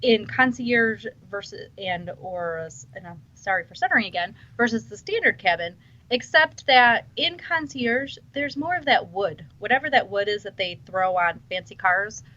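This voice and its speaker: A woman's voice: medium pitch, lively intonation, normal speed, pushed and bright. A woman chatting casually on a podcast, enthusiastic and restarting her sentences often. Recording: dull lo-fi sound.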